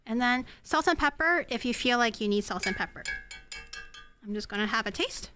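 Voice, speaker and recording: A woman's voice: on the high side, expressive, moderate pace, bright, forceful tone, soft background music. A woman streaming herself cooking at home, chatting casually, self-mocking and swearing. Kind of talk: casual cooking livestream chat.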